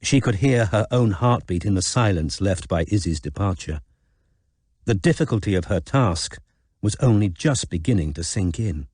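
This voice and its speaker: A male audiobook narrator reads in a measured, even way. His voice sits on the low side. The recording is close and dry, with no room sound. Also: slightly rough, dry recording. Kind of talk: scripted narration.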